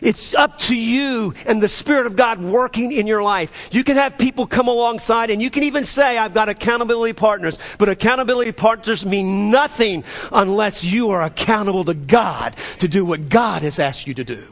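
A male pastor preaching a fervent sermon, reading scripture quickly, then slowing for emphasis and repeating phrases for the congregation. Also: high voice.

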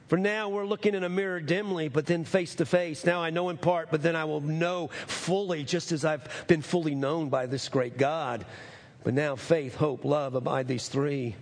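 A middle-aged man preaching a sermon as pastor, swinging between raised, emphatic lines and low, drawn-out phrases.

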